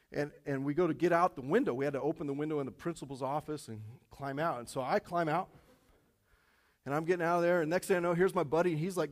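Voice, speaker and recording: A man preaches to his church, slipping into a loose, animated story full of "you know" and "I mean". His voice sits a little high for a man. He moves from the tale into plain sermon teaching. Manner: animated storytelling with many fillers. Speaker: pastor. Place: church auditorium.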